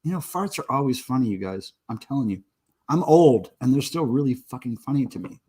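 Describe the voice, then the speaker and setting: A man's voice: mid-range voice, expressive, fairly quick, dark tone, breathy edge. A man in his forties hosting a casual livestream, drinking beer and joking crudely with viewers in the chat. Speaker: livestream host.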